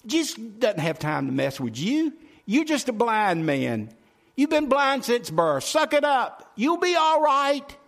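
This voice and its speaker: A male preacher voicing an impatient crowd that mockingly tells a blind beggar to hush, in a sermon retelling. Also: extremely high pitch, sing-song, unhurried, creaky, pitched above the performer's own voice, exaggerated voice. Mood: scornful. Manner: mocking, brushing off. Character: scornful impatient crowd of onlookers.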